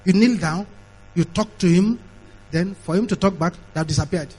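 A man preaches in a high, husky voice, hammering home his points by repeating them. His sermon is animated, and he slips into mimicked voices along the way. He sounds middle-aged. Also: normal speed, poor audio. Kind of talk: emphatic sermon.

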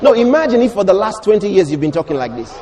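A man preaching a sermon, emphatic and repetitive, rising to shouts. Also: high-pitched, very animated, fast, a crowd in the background.

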